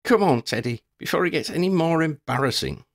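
A man's voice: a little high, animated, fairly quick, voice pushed up. A man voicing an eager young schoolgirl witch who talks cheerfully and teases. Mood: exasperated.

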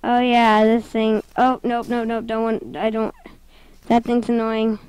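A high-pitched woman rambling through casual gameplay commentary, excitable and giggly, often talking straight to the game. She speaks at an unhurried pace, and her voice sits close and dry with no room around it. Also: clean tone, no echo, poor audio.

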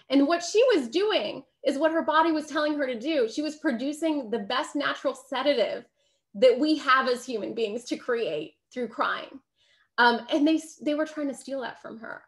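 A woman gives a public talk about her book in a chatty, emphatic way. Her voice sits a little higher than most women's, and she laughs easily as she keeps asking the room "right?". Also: lively intonation, moderate pace. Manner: conversational, emphatic, laughs often, frequent "right?". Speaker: author giving a book talk.

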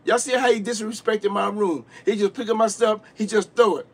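Loud, stammering uncle type, husky high voice, comic bickering. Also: male voice, fairly even intonation, fairly quick. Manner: loud, repeats himself, stammers. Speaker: uncle in a comedy skit.

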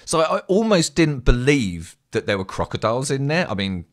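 An English man telling a rambling, sweary story in a casual, animated way as a streamer. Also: mid-range voice, a little fast. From England.

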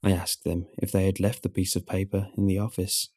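A man narrating a first-person horror story in a low, measured storytelling delivery. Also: level tone, no echo, studio quality. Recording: soft music underneath.

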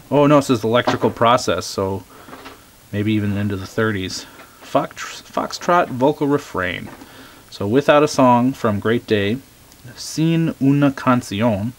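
A man chatting casually as he shows off his record finds, relaxed and eager, with many ums. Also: on the low side. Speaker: record collector showing finds. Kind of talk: casual show-and-tell vlog.

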